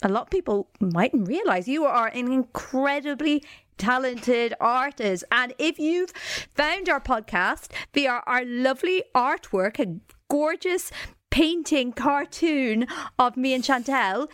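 A woman's voice: sits high, expressive, takes it slowly, no echo, studio quality. A woman hosting a podcast, steering the chat with questions and compliments. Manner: warm, steering the conversation with questions. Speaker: podcast host. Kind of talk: casual chat.

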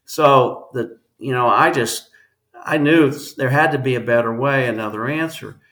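A man, a guest on an interview podcast, telling a personal story in an earnest, halting way with many restarts. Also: mid-range voice, a bit bright.

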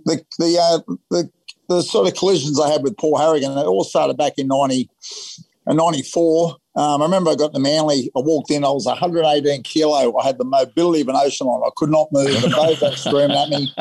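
A man's voice: a little high, fairly even intonation, a little fast, vocal fry, darkish tone, no echo. An Australian man and former rugby league player, telling rambling anecdotes in an interview and acting out the quotes. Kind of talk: casual interview storytelling.

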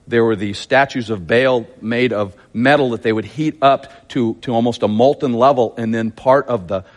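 A man preaching a sermon, retelling a scripture story with lively, acted-out quotes. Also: mid-range voice, moderate pace. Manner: animated, acts out quotes in a raised voice. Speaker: pastor.

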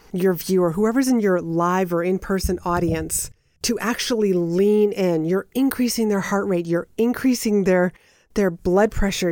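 A woman hosting a podcast as a speaking coach, talking casually with deliberate emphasis, pauses and frequent fillers. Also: lowish voice, darkish tone, no room sound, clean studio sound. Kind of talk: solo podcast teaching.

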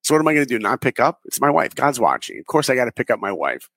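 A man in his forties, an interview guest who tells animated stories and acts out the dialogue in them. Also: medium pitch, fast talker, creaky, no room sound. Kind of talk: conversational storytelling.

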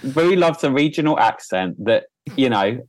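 A man guesting on a podcast, chatting casually at a middle pitch. He is cheeky and trades bawdy jokes, and the recording is close and dry. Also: animated, moderate pace, no echo, low-quality recording. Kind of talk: casual chat.

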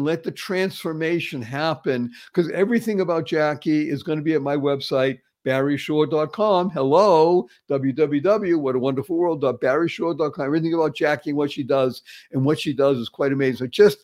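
A man's voice: a little high, normal speed, few pauses, a little mellow. Effusive, upbeat man hosting a talk show. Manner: enthusiastic, effusive, repeats phrases for emphasis. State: paralyzed for years. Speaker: show host.

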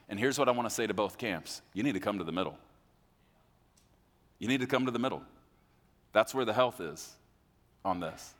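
A man's voice: mid-range voice, a bit bright. A man pastor giving a conversational sermon, acting out listeners' voices, recorded live in a church hall. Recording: live hall with long reverb.

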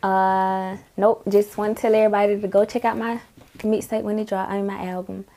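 A woman's voice: mid-range voice, level tone, brisk, dark tone. A young woman rapper talking in a casual interview, telling stories in a laid-back way with slang and laughter.

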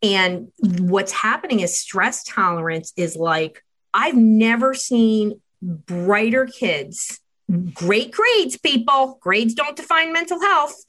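A woman's voice: fairly high pitch, slow pace. A middle-aged woman, a child mental health expert, talking in a podcast interview and acting out family conversations as she tells them. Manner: animated storytelling, acting out dialogue.

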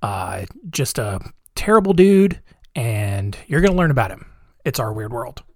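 A man's voice: medium pitch, sing-song, measured pace, darkish tone. A man hosting a podcast, talking in a casual, sarcastic, rambling way with joking asides. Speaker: podcast host.

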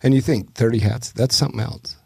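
A man's voice: mid-range voice, steady tone, fairly quick, creaky, slightly rough, no room sound, studio quality. A man hosting a podcast, talking casually with an encouraging, coach-like manner. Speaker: podcast host.

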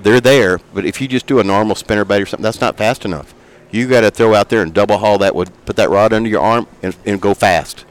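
A middle-aged man, a fishing guide who makes flies, telling a lively story in a casual interview and making sound effects as he talks. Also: lowish voice, fast talker, hardly any pauses. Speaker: fishing guide and fly maker.

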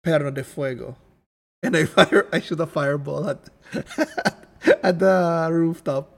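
A man playing a tabletop game, eager and animated as he describes his moves. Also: on the high side, slow, gravelly. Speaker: player.

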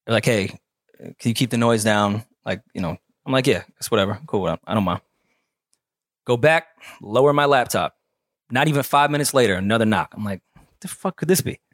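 A man telling a story in casual chat, animated and profane, acting out the people in it. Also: fairly low pitch, fairly quick, long pauses, no echo, studio quality.

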